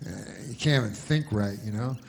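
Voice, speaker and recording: A man telling a meandering stand-up story in a deadpan way, full of asides. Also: medium pitch, a little fast, creaky, slight background noise. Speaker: stand-up comedian.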